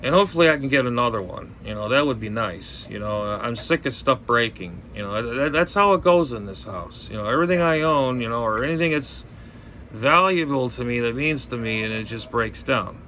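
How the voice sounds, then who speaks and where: A man's voice: medium pitch, lively intonation, fairly quick, bright, forceful tone, slight background noise. A man rambling through a casual chat from home, ranting bluntly, cursing and repeating himself. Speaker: ham radio vlogger.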